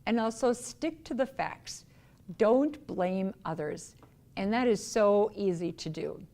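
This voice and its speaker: A woman giving a recorded workplace training lecture on customer service, earnest and instructive, sometimes acting out quick quoted voices. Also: medium pitch, mellow.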